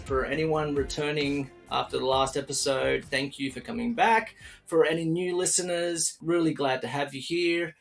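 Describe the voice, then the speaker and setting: Over faint background music, an Australian man's slightly high, creaky voice hosts a laid-back podcast interview at a moderate pace with fairly even intonation. His upbeat, talkative style includes many fillers and restarts.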